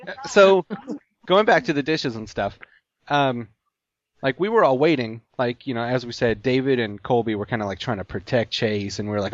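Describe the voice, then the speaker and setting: A podcast co-host tells a long, rambling story in casual chat, using "like" constantly. His medium-pitched voice is brisk with no room sound, but the recording is dull and lo-fi.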